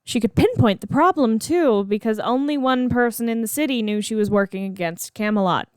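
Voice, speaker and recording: A woman's voice: fairly high pitch, a little fast, clean tone, no echo. Woman reading her story aloud, dry sound. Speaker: narrator reading her own fan fiction. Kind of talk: storybook read-aloud narration.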